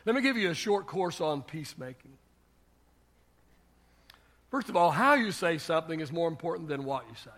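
A man's voice: on the high side, expressive, normal speed, long pauses, fairly bright tone. An older man preaching a sermon on marriage as pastor, telling folksy family stories and building to emphatic exhortation.

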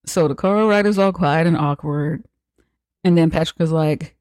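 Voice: medium pitch, a little mellow, no echo. Podcast host recapping a movie, swears a lot, jokes and snarks, dry close sound. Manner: profane, joking and sarcastic; acts out characters' lines in quick asides.

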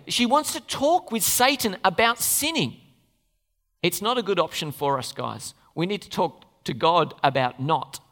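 With a mid-range, slightly bright voice, a preacher speaks conversationally in a sermon, putting questions to the congregation and slipping in playful asides. The recording carries the long reverb of a large hall.

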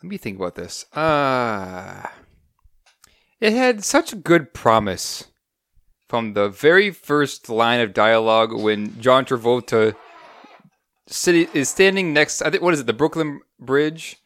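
A man's voice: mid-range voice, a little slow, no echo, studio quality. A man in casual podcast talk, rambling through a movie review with restarts. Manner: rambling, restarts, animated retelling. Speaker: podcast co-host.

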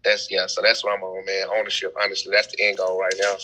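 Animated young man with a bright voice. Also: low-pitched, fast talker, low-quality recording. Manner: animated storytelling with casual slang. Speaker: event host and promoter. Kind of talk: casual podcast conversation.

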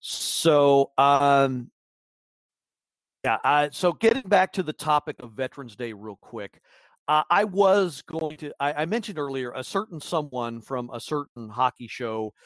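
A man's voice: medium pitch, a bit bright, no echo, clean studio sound. A man hosting a casual sports podcast, rambling and wry with lots of fillers. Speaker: podcast host.

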